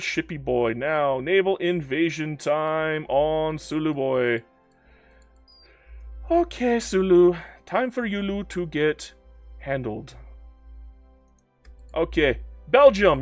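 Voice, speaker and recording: Give me an excitable man streaming a strategy game, bouncy and high, with faint music underneath. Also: dry recording. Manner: excitable and playful, talks to in-game nations. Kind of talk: live strategy-game commentary, reading chat.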